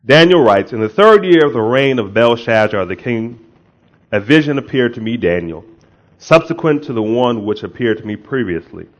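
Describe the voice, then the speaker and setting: A man's voice: mid-range voice, lively intonation, normal speed. A man preaching as a pastor, speaking in a conversational way that rises into emphatic bursts, praying and reading scripture aloud. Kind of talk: sermon with prayer and scripture reading. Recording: dull lo-fi sound.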